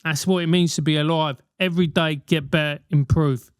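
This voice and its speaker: A man's voice: fairly high pitch, fairly even intonation, a little fast, clear, resonant tone, no echo, clean studio sound. A man in his forties hosting a solo podcast, ranting animatedly with swearing and mock voices. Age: 40s. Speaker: podcast host.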